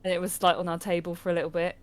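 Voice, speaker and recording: A woman's voice: fairly low pitch, little pitch movement, very fast, a loud crowd. A British woman co-hosting a casual podcast, chatting and telling stories with plenty of laughter. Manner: chatty storyteller, laughs a lot. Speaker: podcast co-host. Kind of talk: casual chat.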